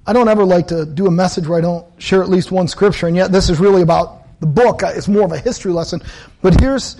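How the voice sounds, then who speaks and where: High-voiced man preaching earnestly. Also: quick pace, warm tone. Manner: earnest, conversational preaching with personal stories; repeats phrases for emphasis. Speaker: pastor. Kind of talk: sermon.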